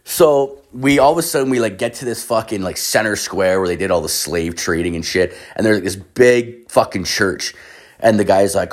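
A man's voice: on the low side, normal speed. A man from Canada, telling a casual story that wanders and is full of swearing and filler words. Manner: rambling, heavy swearing, filler-laden.

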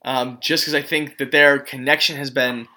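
Giggly bright male podcast co-host. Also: mid-range voice, normal speed. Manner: giggly, relaxed, trailing off into laughs. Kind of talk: casual chat.

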